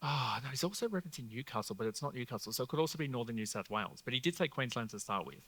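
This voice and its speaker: Chatty Australian man, bright voice. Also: medium pitch, animated, rapid-fire, slightly rough. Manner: chatty, filler-heavy, swears casually. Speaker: psychic medium host. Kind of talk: live stage show, relaying messages. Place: theatre stage before a live audience.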